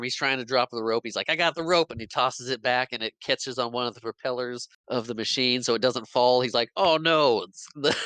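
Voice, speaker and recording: A man's voice: mid-range voice, pushed and bright, smooth, no room sound, low-quality recording. A man hosting a podcast, retelling a film's plot in casual chat and acting out its characters' lines with laughs. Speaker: podcast host. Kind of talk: casual movie recap chat.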